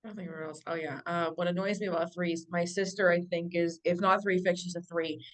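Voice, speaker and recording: A woman's voice: fairly low pitch, fairly even intonation, fairly quick. A woman telling stories bluntly in a casual group chat, swearing freely and laughing. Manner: blunt, profane, laughing storyteller. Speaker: panel guest.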